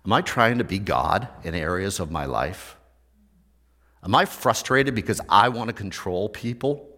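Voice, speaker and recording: Older male pastor; relaxed, conversational preaching with questions to the congregation. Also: mid-range voice. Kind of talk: sermon.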